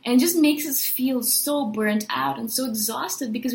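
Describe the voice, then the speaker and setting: A woman's voice: high-pitched, normal speed, few pauses, roomy sound, poor audio. A woman talking casually and earnestly in a monologue, venting her feelings and asking rhetorical questions. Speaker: personality-type video host.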